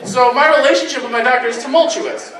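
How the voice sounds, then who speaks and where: A man's voice: extremely high pitch, quick pace, crowd noise. A man doing a crude, self-deprecating amateur stand-up set at a convention. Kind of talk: live stand-up comedy. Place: convention stage. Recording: echoey room from far off.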